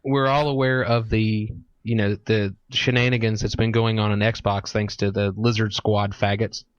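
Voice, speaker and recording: A man's voice: lowish voice, flat delivery, moderate pace, clear, resonant tone, no room sound. A man hosting a casual podcast, chatting crudely and reading news articles aloud. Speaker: podcast host. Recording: dull lo-fi podcast mic.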